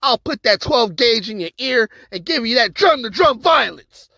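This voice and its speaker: A man's voice: very high voice, animated, moderate pace, sharp tone, dry recording. A man performing a battle rap verse with an aggressive, taunting delivery. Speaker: battle rapper.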